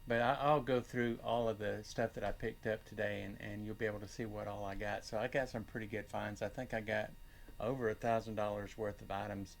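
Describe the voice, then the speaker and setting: An older man hosting his own channel, chatting casually about his finds and rambling with many pauses and fillers. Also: fairly low pitch, steady tone, gravelly, slight background noise. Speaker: channel host and reseller. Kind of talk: casual chat.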